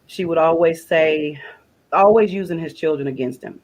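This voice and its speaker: A woman's voice: deep voice, normal speed, a little mellow, poor audio. A woman, a guest on a faith broadcast, telling an emotional personal story in plain conversational speech and using religious phrasing. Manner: retells conversations in quoted dialogue, repeating phrases.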